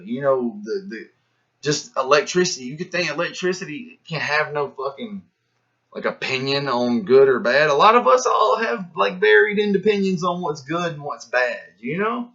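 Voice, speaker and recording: A man drifts through a loose philosophical monologue, slangy and full of swearing, and grows animated as he plays out the voices in his head. His voice sits at an ordinary middle pitch. The recording is dull and lo-fi. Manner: profane, slangy, animated, acts out inner voices. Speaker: rapper musing to camera. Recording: dull lo-fi sound.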